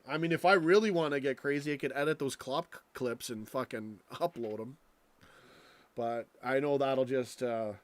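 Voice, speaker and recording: A man's voice: mid-range voice, dry recording. A young American man hosting a casual late-night livestream from home, rambling and profane, restarting his sentences often. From United States. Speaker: live stream host. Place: home, indoors.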